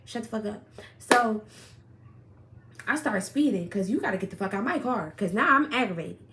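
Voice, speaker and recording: A young woman telling a story about her relationship in a casual vlog, blunt and profane, with sudden loud outbursts. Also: medium pitch, animated, normal speed, background noise. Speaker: storyteller vlogger.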